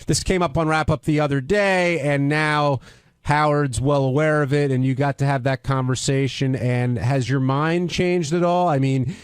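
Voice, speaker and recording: A man's voice: fairly high pitch, steady tone, moderate pace, clean tone, no room sound, studio quality. A man hosting a radio wrap-up, asking probing questions. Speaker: wrap-up show host. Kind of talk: radio interview.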